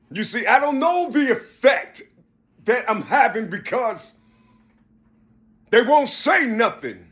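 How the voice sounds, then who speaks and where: An adult man giving a rambling spiritual monologue, preachy and repetitive, often jumping between high and low voices. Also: fairly bright tone. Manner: preachy, repeats "you see".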